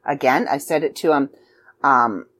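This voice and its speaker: A woman's voice: very deep voice, a little slow, a bit bright, no echo. A woman hosting a podcast about her magazine, chatty and a bit scattered, with frequent ums and asides. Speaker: podcast host and magazine contributor. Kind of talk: casual podcast chat.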